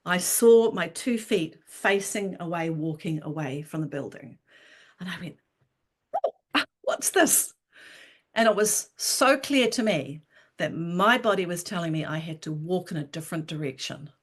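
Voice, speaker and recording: A woman in her sixties, a writer and interview guest, telling her story with lively energy and frequent laughter. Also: lowish voice, moderate pace. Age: 60s. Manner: animated storyteller, laughs often.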